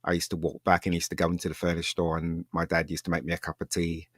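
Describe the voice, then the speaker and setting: A man with a low, deep voice talks in a casual podcast chat. He tells a rambling personal story with animation and laughs often. The sound is dry and close, with no room echo. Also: completely flat delivery, rapid-fire. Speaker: podcast guest, filmmaker.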